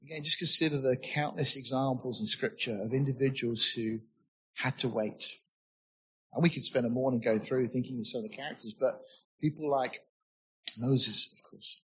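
A man's voice: mid-range voice, moderate pace, pushed and bright, breathy edge, lo-fi sound. A man preaching a sermon, earnestly explaining scripture and asking rhetorical questions.

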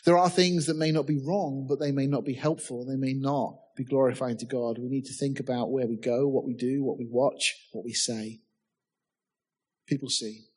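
A man's voice: mid-range voice, steady tone, moderate pace, slightly rough. A man preaching a sermon, reading scripture aloud and asking his listeners questions, with touches of humor. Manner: reads scripture aloud in old-fashioned wording.

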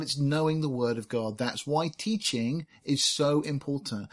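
A middle-aged man preaching a teaching sermon, reading scripture aloud with emphasis. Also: on the high side. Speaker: pastor.

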